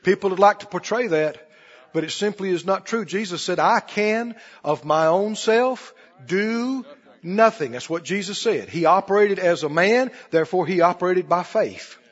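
A man preaching a sermon, swinging between soft asides and loud exclamations. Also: high voice, husky. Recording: reverberant hall, dull lo-fi sound.

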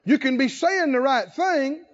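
High, lively preaching man. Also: unhurried, dull audio. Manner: preacher who swings from soft to shouted, laughing and exhorting. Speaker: pastor. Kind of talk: sermon.

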